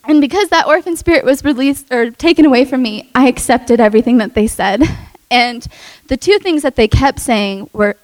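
A young adult woman telling a personal testimony in an earnest, emotional way, with many fillers and soft laughs. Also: a little high, no echo, poor audio. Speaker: speaker sharing a testimony.

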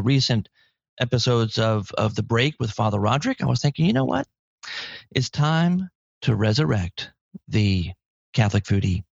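A man hosts a podcast in an easygoing, talkative way, his mid-range voice often jumping up in pitch. The sound is dry and a little dull, like a modest lo-fi home setup. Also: no echo. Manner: chatty and animated, with sudden jumps in pitch. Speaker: podcast host. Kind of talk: casual podcast chat. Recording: dry, slightly dull lo-fi audio.

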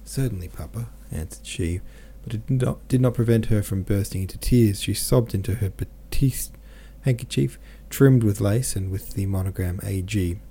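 A man reading a classic novel aloud as an audiobook narrator, in a measured, even storytelling manner. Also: lowish voice, slightly rough. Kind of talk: scripted literary narration.

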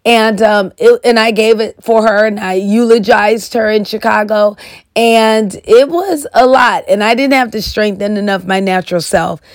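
A woman's voice: mid-range voice, moderate pace, no echo, clean studio sound. A woman in her fifties hosting her own devotional podcast, speaking in an earnest, emphatic way and repeating phrases for emphasis. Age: 50s. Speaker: podcast host. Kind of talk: personal devotional podcast talk.

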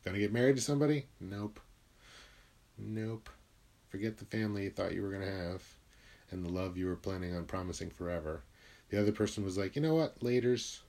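A young man from Connecticut talking candidly about his life in a blunt, confessional way. He swears freely and sometimes drops into quiet, low asides. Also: fairly even intonation, brisk, creaky, pauses often. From Connecticut, USA. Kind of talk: candid personal monologue.

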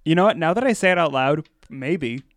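A man co-hosting a casual movie podcast, slightly tipsy and cracking goofy deadpan jokes. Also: fairly high pitch, brisk, dry recording. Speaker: podcast co-host. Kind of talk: casual movie-review chat.

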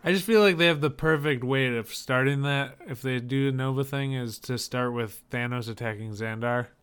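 A man's voice: mid-range voice, normal speed, fairly bright tone, smooth. A man hosting a podcast in casual chat, wry and upbeat. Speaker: podcast host.

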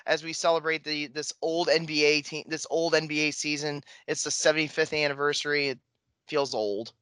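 Bright, slightly high man on a close dry mic, jokey rambling podcast host. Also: level tone, fairly quick, smooth, no echo. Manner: jokey, rambling, self-correcting. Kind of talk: casual sports podcast chat.

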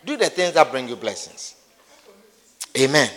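A man's voice: mid-range voice, very animated, unhurried, fairly bright tone. A male preacher giving a sermon who acts out everyday scenes and repeats key phrases for emphasis. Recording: long hall reverb.

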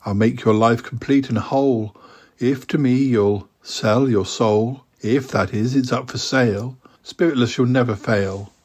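A man voicing a sinister male spider who tempts a boy in a wheedling, persuasive way, in a husky voice. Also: mid-range voice, fairly even intonation, measured pace, darkish tone.

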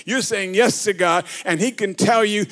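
A man's voice: high voice, normal speed, a bit bright. A man preaching a sermon as bishop. He tells the scripture as a story, acting it out and leading the congregation in call and response.

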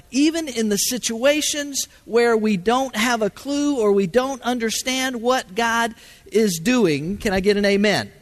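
A middle-aged man preaching a sermon. He swings from loud, ringing calls to hushed, quiet pauses. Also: high voice. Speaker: pastor.

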